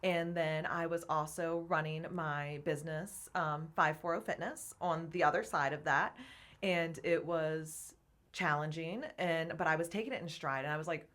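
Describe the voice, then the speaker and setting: Femme bavarde au timbre très clair. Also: female voice, low voice, steady tone, normal speed, fairly bright tone. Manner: chatty, candid, laughs often. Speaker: podcast guest, gym co-owner. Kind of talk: casual interview chat.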